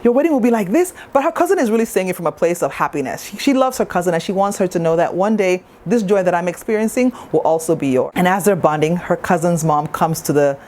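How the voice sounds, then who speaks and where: A woman's voice: fairly low pitch, lively intonation, fast, hardly any pauses, darkish tone, slight background noise. A woman talking to camera in a casual review vlog, chatty and playful, with asides to the viewer. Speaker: TV show reviewer.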